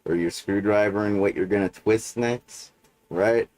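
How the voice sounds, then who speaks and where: A man's voice: on the low side, fairly even intonation, measured pace, a little mellow, dry recording. A man hosting a livestream, talking in a meandering monologue full of fillers, with frequent "right?" check-ins. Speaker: livestream host. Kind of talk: rambling monologue.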